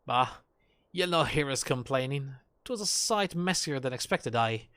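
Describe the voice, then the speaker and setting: A man's voice: mid-range voice, expressive, a little slow, a bit bright, clean tone, no echo. A man voicing a loyal, plain-spoken soldier who talks in a folksy dialect, read aloud from a game on a live stream. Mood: defiant. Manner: folksy dialect speech with aye and ye.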